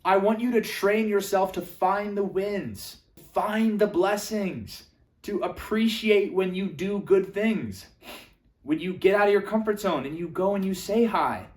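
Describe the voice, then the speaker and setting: A young man coaching on social skills, animated and casual, swinging between loud emphatic bursts and quiet asides, now and then swearing for emphasis. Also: high voice, a little slow. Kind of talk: energetic coaching monologue to camera. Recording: echoey room.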